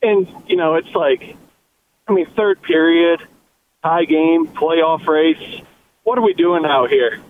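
A man's voice: fairly high pitch, takes it slowly, a little hiss or hum. A man calling into a sports radio show, giving opinionated comments and rallying the fans. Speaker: caller. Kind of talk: call-in comments. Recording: tinny phone line.

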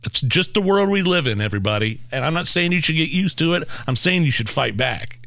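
A man co-hosts a political talk show with a forceful, bright voice, pressing his points hard. The sound is close and dry. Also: on the high side, expressive, fairly quick, creaky, no echo. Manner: emphatic, rallying. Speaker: co-host. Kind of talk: political commentary chat.

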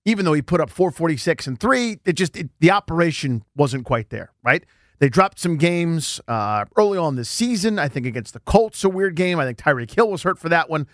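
Animated male sports talk host. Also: fairly high pitch, brisk, no room sound, studio quality. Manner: animated, voice jumps up when excited.

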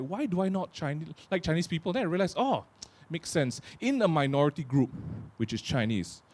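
Young Malaysian comic, casual stand-up delivery, chatty and self-deprecating, a touch higher-pitched than most men. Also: male voice, a little mellow, slightly rough. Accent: Malaysian English. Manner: chatty, self-mocking, playful impressions. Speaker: stand-up comedian. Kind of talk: stand-up comedy set. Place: office meeting hall.

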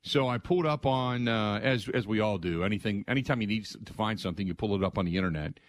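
A middle-aged man hosting a sports radio show, telling stories in an excitable, conversational way and acting out other people's lines. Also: lowish voice, quick pace. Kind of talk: animated storytelling monologue.

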